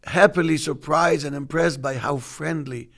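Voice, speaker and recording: Gravelly-voiced man telling travel stories. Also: fairly high pitch, normal speed. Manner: laughs often, animated storytelling. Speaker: co-host. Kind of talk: casual chat.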